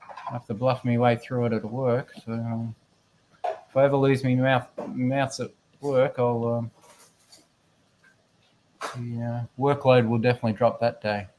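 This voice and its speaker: A man's voice: mid-range voice, little pitch movement, normal speed, long pauses, warm tone, slight background noise. A man chatting casually on a live stream, rambling and joking about himself while reading chat messages aloud. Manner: rambling, self-deprecating, reads chat aloud. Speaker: guest co-host of a live stream. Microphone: computer microphone.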